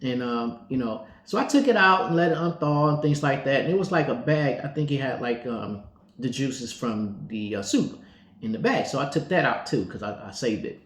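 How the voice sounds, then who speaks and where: A man's voice: medium pitch, animated, normal speed. A man co-hosting, telling a faith story in a casual, chatty way and acting out the dialogue with laughs. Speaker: co-host. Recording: roomy echo.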